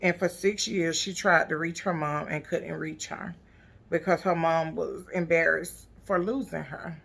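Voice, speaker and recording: A woman's voice: deep voice, steady tone, unhurried, vocal fry, fairly bright tone, breathy edge. A woman recapping a reality TV episode in blunt, profane, sassy casual commentary. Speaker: TV recap vlogger.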